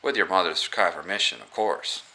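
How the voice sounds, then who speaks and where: A suave, menacing male vampire who speaks low and deep, with a hard, bright edge to his threats, as a man quoting a film puts him on. He sounds smooth and mocking. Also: normal speed, exaggerated voice.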